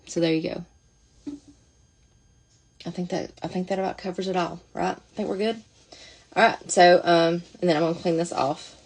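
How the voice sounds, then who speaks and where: A woman's voice: lowish voice, fairly even intonation, moderate pace, creaky, long pauses, darkish tone, slightly rough. A woman talking casually through a makeup demonstration, chatty and thinking aloud as she goes. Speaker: makeup seller demonstrating products.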